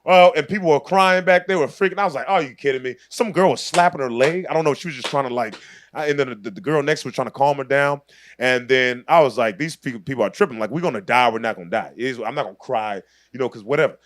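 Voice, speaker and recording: Telling a story with plenty of energy, a podcast's comedian guest in his thirties speaks quickly at a medium pitch. He laughs as he goes and imitates the people involved, and a slight background noise sits under the recording.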